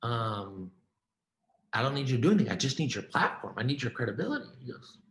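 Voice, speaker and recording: A man giving a keynote talk, telling a story in an informal, animated way, with lots of "man" and "right?" and restarts. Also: medium pitch, fast, roomy sound, slight background noise, rough recording. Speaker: keynote speaker.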